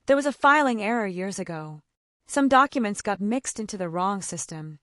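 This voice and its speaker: A woman voicing a kind female records clerk in her sixties who speaks carefully and gently. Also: mid-range voice, animated, moderate pace, dry recording, studio quality, lightly acted.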